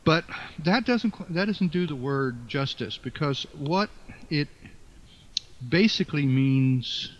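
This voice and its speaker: An older man being interviewed as an author, speaking in a halting, thoughtful way with many fillers and restarts. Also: a little high, lively intonation. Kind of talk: reflective interview talk. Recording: dull lo-fi sound.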